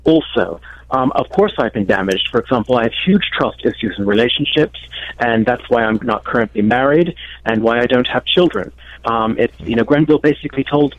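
Male guest, earnest, rapid delivery, muffled lo-fi line. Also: mid-range voice. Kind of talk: radio interview answers.

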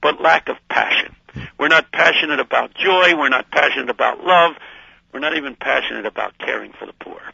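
A man speaking as a guest on a radio show by phone, telling stories and preaching with lively emphasis. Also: medium pitch, a little fast, vocal fry, breathy edge, dry recording. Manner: lively, emphatic, laughs at his own jokes. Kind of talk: animated storytelling and preaching. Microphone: phone line. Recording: muffled phone-line audio.

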